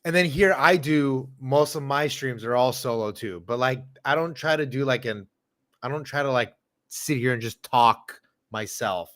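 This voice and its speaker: A man who is a comedian guest on a casual podcast, animated and slangy, mocking what he dislikes. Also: mid-range voice, normal speed.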